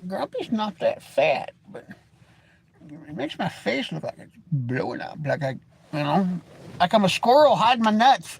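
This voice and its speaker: An American man in his forties, talking to camera in a rambling, jokey and blunt monologue as a vlogger. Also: high voice. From United States. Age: 40s. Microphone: webcam or phone camera, seated.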